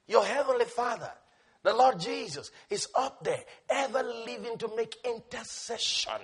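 Fervent high husky male preacher. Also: lively intonation, a little slow. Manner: fervent, swings from shouting to hushed, laughs while preaching. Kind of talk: sermon.

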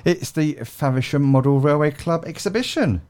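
A man's voice: on the high side, moderate pace, darkish tone. A man co-presenting a radio show, chatting in a rambling way and reading out event details. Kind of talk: casual radio chat.

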